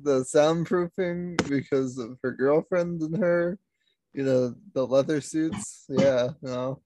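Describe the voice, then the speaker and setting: A young man co-hosting a casual podcast, teasing and deadpan. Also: mid-range voice, takes it slowly, background noise. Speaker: podcast co-host.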